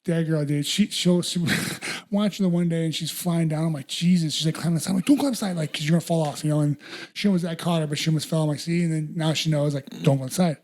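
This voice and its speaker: A man's voice: fairly high pitch, fairly even intonation, fast, a little mellow. A man in his thirties co-hosting a podcast, telling rambling casual stories full of "dude" and "bro". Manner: rambling storyteller, says "dude" and "bro" often. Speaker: podcast co-host. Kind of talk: casual chat.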